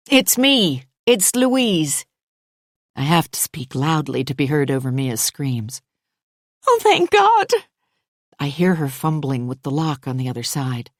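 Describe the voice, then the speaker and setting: A woman narrating a first-person thriller audiobook in a measured, controlled way. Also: deep voice, slightly rough, no room sound, clean studio sound.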